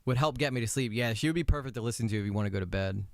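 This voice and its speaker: A man's voice: mid-range voice, rapid-fire, no echo. A man hosting a live stream, mocking a video he is reacting to in a rambling, sarcastic way.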